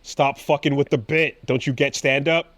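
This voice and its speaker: A man's voice: mid-range voice, steady tone, moderate pace, a bit bright, dry recording. A man co-hosting a podcast, chiming in with dry, teasing remarks in casual chat. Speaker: podcast co-host.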